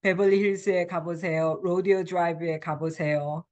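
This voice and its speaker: A middle-aged woman teaching a recorded language lecture, patiently explaining with frequent ums, alternating slow English with quick example phrases. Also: lowish voice, fairly even intonation, a little mellow, highs cut off. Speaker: Korean language instructor.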